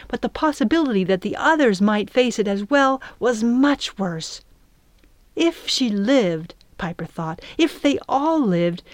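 A woman narrating an adventure storybook in a measured, expressive reading voice. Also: mid-range voice, dry recording. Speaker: audiobook narrator.

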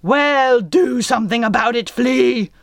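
A woman's voice: on the high side, a little slow, dry recording, clean studio sound, pitched above the performer's own voice. A woman voicing a blustering, furious male pirate captain who roars commands. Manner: yelping, roaring commands.

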